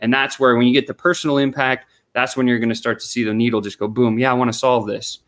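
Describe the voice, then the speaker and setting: A sales consultant on a conversational interview lays out a sales method stage by stage and plays out example questions and responses. He is a man with a mid-range, slightly bright voice, delivered flatly and at a quick pace.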